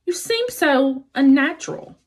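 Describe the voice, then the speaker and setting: A woman's voice: animated, a little slow. A woman voicing a fussy, fearful male owl who hoots and screeches in a storybook reading. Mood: alarmed. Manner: hooting, screeching, shrill.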